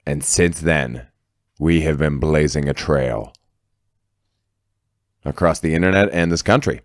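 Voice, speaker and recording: An extremely deep-voiced man co-hosting a podcast, boisterous and swaggering, dropping swear words as he goes. His voice sits dry and close, with no room sound around it. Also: a little slow, pauses often, no room sound. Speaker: podcast co-host. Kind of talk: casual chat.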